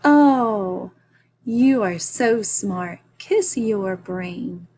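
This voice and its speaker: A woman teacher giving a recorded phonics lesson to young children, slow and encouraging as she sounds out each part of a word. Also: mid-range voice, expressive, husky.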